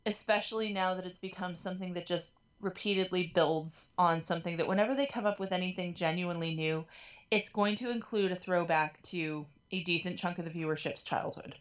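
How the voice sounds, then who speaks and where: A woman's voice: lowish voice, brisk, muffled recording. A woman hosting a podcast in casual chat. She builds long, winding sentences full of restarts and asides, with a wry, teasing tone. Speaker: podcast host.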